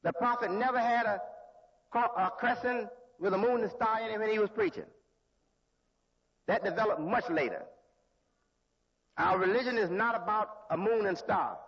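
Husky high-voiced man preaching slow with lots of pauses, dull old recording, big echoey hall. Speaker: religious leader. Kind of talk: sermon. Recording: lo-fi hall recording with long reverb.

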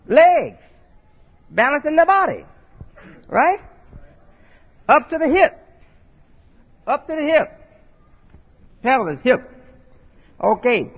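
A man teaching in a folksy sermon style, spelling out words and often checking in with his listeners. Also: very high voice. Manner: folksy, rhetorical asides ending with "right?". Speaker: preacher. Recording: dull lo-fi audio with long hall reverb.

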